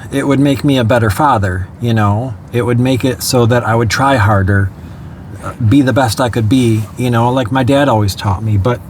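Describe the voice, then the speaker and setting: A man's voice: medium pitch, slight background noise. A young man candidly telling his own life story in a casual, reflective way, often adding "you know" and small nervous laughs. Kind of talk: casual spoken memoir.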